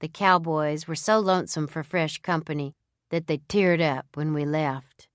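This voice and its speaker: Brief: female audiobook narrator, first-person, measured delivery, low smooth voice. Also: no echo, studio quality. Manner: measured, even storytelling.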